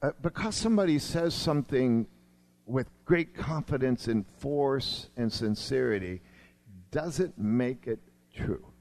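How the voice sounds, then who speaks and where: A man in his sixties, a longtime pastor, preaching a sermon with emphatic swings between urgent raised lines and quiet low asides. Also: expressive, measured pace.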